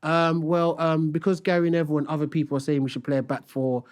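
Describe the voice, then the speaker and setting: A man's voice: fairly high pitch, fast talker, smooth. A young man, a podcast co-host ranting in casual football chat. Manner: animated, exasperated ranting.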